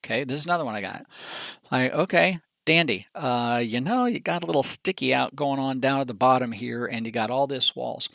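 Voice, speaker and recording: A man giving a casual software training presentation in a folksy, chatty, animated way, with slangy asides. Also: mid-range voice, a little fast, creaky, no echo.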